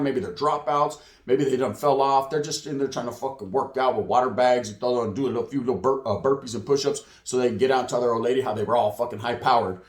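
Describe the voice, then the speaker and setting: A man hosting a casual street news monologue, slangy and streetwise, with a slightly hoarse voice. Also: medium pitch. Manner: streetwise, slang-heavy, acts out quotes in put-on voices. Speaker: channel host, street news commentator. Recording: roomy echo.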